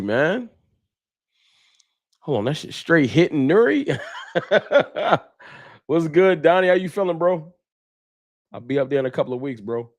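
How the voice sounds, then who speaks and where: A man's voice: medium pitch, darkish tone. A laid-back man hosts a casual livestream and chats easily into his mic as viewers come in. His voice sits in the middle of the male range, and he keeps an easygoing, slangy, friendly rhythm. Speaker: host of a fan livestream.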